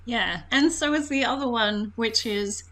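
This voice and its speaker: A woman's voice: on the high side, a little slow, fairly bright tone. A woman co-hosting a film podcast, chatting casually, often laughing and hesitating. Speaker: podcast co-host.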